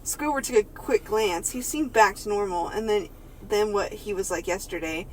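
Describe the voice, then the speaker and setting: A woman's voice: medium pitch, normal speed, a little hiss or hum, low-quality recording. A woman co-hosting a comedy podcast, chatting casually and giggling while she reads a story aloud. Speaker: podcast co-host. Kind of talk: casual comedic chat and fanfiction reading.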